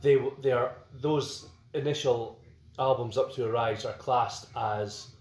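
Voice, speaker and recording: A man in his forties talks music in a casual, eager way, often jumping in to finish his partner's thoughts. His voice sits in an ordinary middle pitch. The room around him sounds roomy. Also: fairly even intonation, unhurried, a little mellow. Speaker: podcast co-host. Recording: roomy recording.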